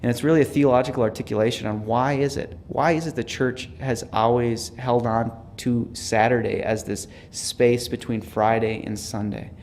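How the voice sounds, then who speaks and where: Gravelly man giving an earnest talk. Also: medium pitch, steady tone, moderate pace, hardly any pauses, a little hiss or hum. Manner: earnest, drops to a hush for quoted words. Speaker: theology professor giving a talk. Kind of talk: reflective teaching talk with personal stories.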